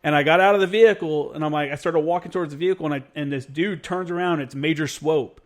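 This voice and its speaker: A man in casual podcast conversation, telling military stories with plenty of swearing and acting out other people's lines with sudden jumps in his voice. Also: fast. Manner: profane, animated, acts out others' lines with jumps in pitch. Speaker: Marine veteran podcast guest. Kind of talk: casual storytelling chat.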